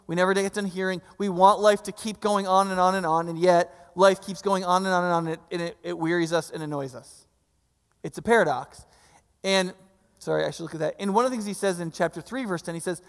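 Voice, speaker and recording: Man, pastor, sermon, conversational, slightly high voice, long church reverb. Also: gravelly. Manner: conversational preaching, frequent restarts and rhetorical questions. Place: church sanctuary.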